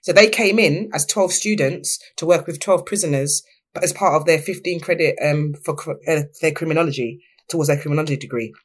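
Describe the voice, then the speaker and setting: A young woman, speaking as a guest on an interview show, telling her story frankly and lively, acting out what others said. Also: low voice, brisk, breathy edge. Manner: lively, animated, acts out quoted voices. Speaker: podcast guest.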